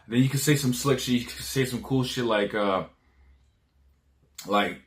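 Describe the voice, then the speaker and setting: A man's voice: mid-range voice, a little slow. A man giving dating advice in a casual, rambling monologue, full of slang, profanity and restarts. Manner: acts out dialogue lines.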